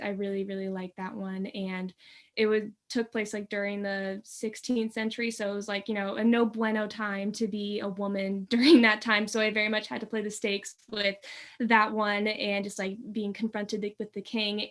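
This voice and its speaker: A young woman, a student performer, chatting casually with halting speech, many fillers and giggles. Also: medium pitch. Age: late teens. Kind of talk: casual chat.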